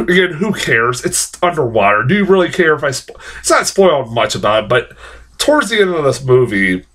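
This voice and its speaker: A man's voice: on the high side, bright, forceful tone. A young man giving a casual, rambling film review, swearing often and getting worked up as he talks.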